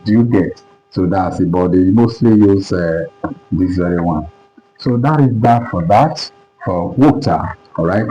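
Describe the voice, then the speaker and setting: Low dark-voiced man teaching pronunciation. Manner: repeats words and keeps asking "do you understand?". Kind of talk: classroom lesson. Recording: dull lo-fi recording, faint music.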